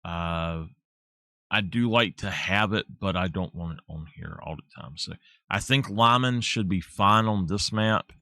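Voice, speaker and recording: A man's voice: low voice, a little slow, bright, forceful tone, dry recording, clean studio sound. A man with a Southern US accent, chatting casually while streaming a game and laughing at his own jokes. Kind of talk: casual live-stream chat.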